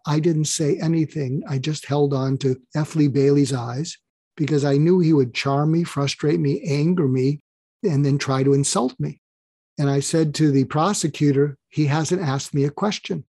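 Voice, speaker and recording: Older guy on a podcast, bit high voice, mellow tone, dry close mic, acts out the quotes. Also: no room sound. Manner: animated storyteller acting out quoted exchanges. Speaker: psychiatrist guest. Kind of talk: storytelling in a podcast interview.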